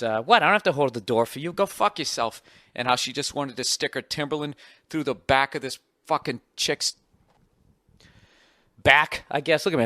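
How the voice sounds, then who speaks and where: A man in his forties with a Boston accent, telling a profane, exasperated story with sudden loud outbursts on his podcast. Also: medium pitch, no room sound, studio quality. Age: 40s. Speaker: podcast host. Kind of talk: ranting comic monologue.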